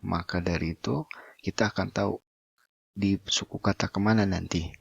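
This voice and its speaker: A man with an Indonesian accent teaching English word stress in a lesson, switching between English and Indonesian and drawing out the example words slowly. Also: deep voice, steady tone, vocal fry, husky, no echo, highs cut off. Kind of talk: classroom-style lesson explaining word stress.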